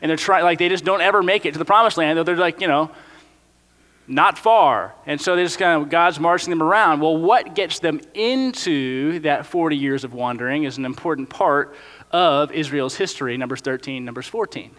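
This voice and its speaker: Brief: young male pastor, high bright voice, hall reverb, chatty sermon style. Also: moderate pace. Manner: casual, animated storytelling with frequent "like".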